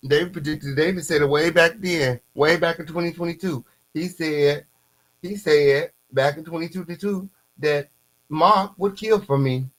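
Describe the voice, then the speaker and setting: Casual dude reading posts out loud, gets loud and squeaky when hyped, little hum behind. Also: male voice, low-quality recording. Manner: animated, repeats catchphrases, pitch jumps up when excited. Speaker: commentary host. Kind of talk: casual commentary reacting to posts.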